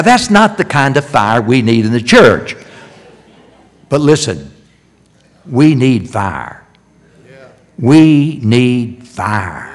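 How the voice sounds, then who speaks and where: An older man delivers a sermon in a church at an unhurried, deliberate pace. His voice sits in a middle pitch, and he leans on repeated phrases, rising to loud emphasis and then dropping to a hush. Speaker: preacher. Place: church sanctuary.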